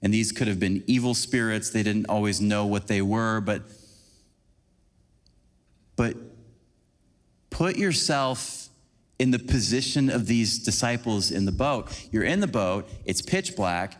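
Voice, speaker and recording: A man giving a conversational, animated sermon as a preacher, acting out little scenes for the congregation. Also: lowish voice, unhurried, pauses often. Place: church sanctuary. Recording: long church hall reverb.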